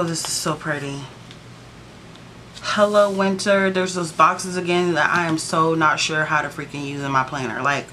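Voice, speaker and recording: A woman's voice: fairly low pitch, pushed and bright, slight background noise. A woman vlogging a casual sticker book flip-through, chatty and gushing, with sassy playful asides to her viewers.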